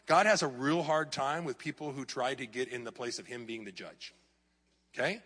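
A middle-aged male pastor preaching an animated sermon in a church, sometimes mocking clickbait headlines in a raised voice. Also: medium pitch, moderate pace, breathy edge, big-room sound. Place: church hall.

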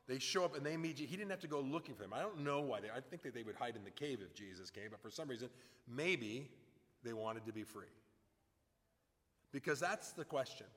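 A man's voice: medium pitch, a bit bright, big-room sound. A man preaching a sermon in a conversational way, often acting out the voices of people in his stories. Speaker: pastor.

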